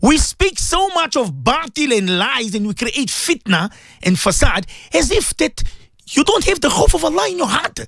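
Guy preaching on the radio, super animated voice, keeps repeating himself, dry close sound. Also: very high voice, normal speed, gravelly, no echo. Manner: fervent, repetitive, preachy, asks listeners direct questions. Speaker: radio presenter giving religious advice. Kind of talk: impassioned radio sermon.

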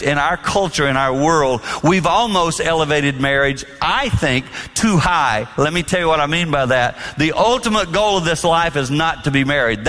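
A man giving a marriage talk to an audience, telling stories and acting out dialogue in soft voices. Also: on the high side. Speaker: marriage speaker.

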